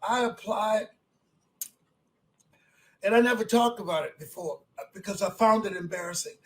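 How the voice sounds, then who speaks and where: High-voiced man in his seventies, emphatic. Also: low-quality recording. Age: 70s. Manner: emphatic, repeats phrases, swings from soft to shouting. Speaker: motivational speaker. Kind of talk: motivational speech.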